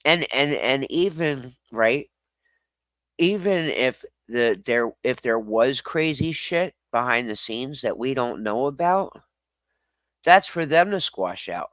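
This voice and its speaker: This live streamer reads out chat messages and responds to his audience bluntly, cursing freely and laughing often. His mid-range voice is expressive, slow and fairly bright, and the recording is dry.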